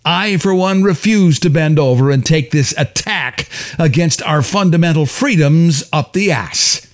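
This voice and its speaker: A man doing a rasping, ranting middle-aged bully. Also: on the high side, measured pace, pitched above the performer's own voice, lightly acted.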